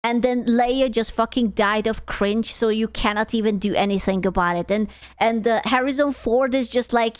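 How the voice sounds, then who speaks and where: A woman's voice: a little high, normal speed, hardly any pauses, smooth, no echo, clean studio sound. A woman streamer casually reacting to a video, rambling, stumbling over words and swearing freely.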